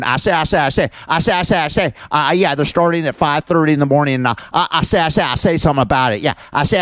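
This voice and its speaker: A man mimics a puffed-up, blustering cartoon rooster who drawls and keeps repeating himself. The voice sits noticeably higher than his normal talk, and the sound is dry and close. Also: fairly bright tone, dry recording. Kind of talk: mocking impression.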